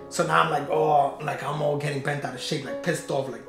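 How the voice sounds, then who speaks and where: A man's voice: on the high side, fairly even intonation, fairly quick, creaky, hardly any pauses. Man, casual vlog storytelling, rambling and exasperated, roomy echo, faint music behind. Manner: rambling, exasperated retelling with many restarts. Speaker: vlogger.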